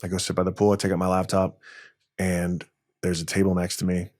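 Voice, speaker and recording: A man in his forties from New York, a tech entrepreneur guest telling lively stories in a podcast interview. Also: low voice, fairly quick. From New York, USA. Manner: lively anecdotal storytelling, acts out dialogue.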